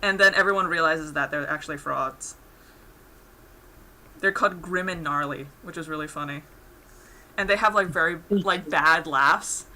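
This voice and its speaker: A woman's voice: sits low, normal speed, long pauses, bright, forceful tone. A young woman chatting casually on an art stream, rambling with lots of fillers. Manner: rambling, lots of "like" fillers, laughs through stories. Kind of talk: casual chat while drawing on stream.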